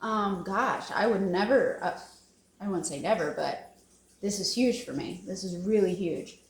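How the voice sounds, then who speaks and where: A woman's voice: mid-range voice, measured pace. Woman vlogger, heartfelt and rambling, echoey room. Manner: emotional, rambling, laughs often. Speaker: wellness vlogger. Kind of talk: casual confessional vlog.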